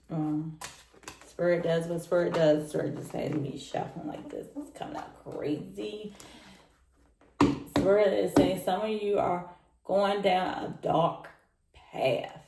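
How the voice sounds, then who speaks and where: Against a noisy background, a woman with a mid-range voice does an informal tarot reading, speaking directly to the listener and restating her points. She's recorded in an echoey, roomy room.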